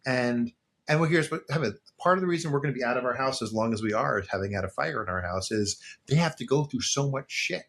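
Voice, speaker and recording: A man's voice: mid-range voice, animated, fast talker, creaky, fairly bright tone. Male co-host, mid-range voice, blunt and casual, cusses a lot. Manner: blunt, swears freely. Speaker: podcast co-host. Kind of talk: casual chat.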